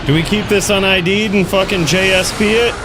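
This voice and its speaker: A man's voice: sits high, steady tone, a little fast, background noise. A man streaming a video game, chatting casually with viewers, laid-back and swearing freely. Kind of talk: casual gaming commentary.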